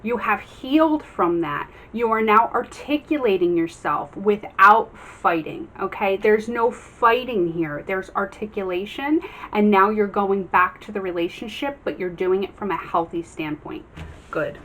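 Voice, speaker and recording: A woman's voice: mid-range voice, unhurried, fairly bright tone. A woman giving a casual tarot reading to her viewers. She talks earnestly and encouragingly, with many ums and restarts. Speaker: tarot reader.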